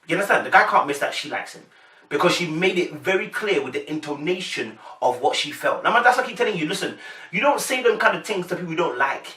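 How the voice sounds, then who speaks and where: Slangy London man, bright echoey sound. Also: high-pitched, lively intonation, fast talker, recorded from a distance. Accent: London English. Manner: chatty, slangy, addresses viewers directly. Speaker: reaction commentator. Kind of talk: casual to-camera commentary. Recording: echoey room, voice a bit off-mic.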